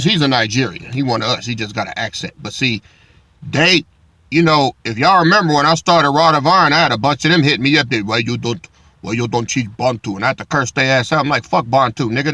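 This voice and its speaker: Male streamer, AAVE, fired-up profane commentary, bright forward tone, dead-dry sound. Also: a little high, no echo. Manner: loud, swearing, heated.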